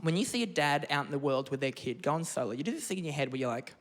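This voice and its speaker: A man in his thirties with an Australian accent performing a stand-up comedy set on a theatre stage, animated and camp. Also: quick pace. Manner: animated, camp, swoops into high put-on voices. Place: theatre stage before a live audience.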